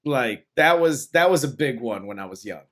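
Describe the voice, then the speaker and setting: A man's voice: medium pitch, expressive, moderate pace, fairly bright tone. A man in his forties co-hosting a film review podcast, casual, joking and swearing freely. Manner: profane, joking, laughs often. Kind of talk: casual chat.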